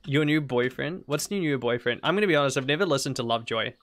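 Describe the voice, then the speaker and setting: A young woman with a mild New Zealand accent talks casually on a gaming livestream. She rambles, restarts her sentences and teases her viewers in a relaxed, chatty way. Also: extremely low pitch, fast talker. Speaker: streamer.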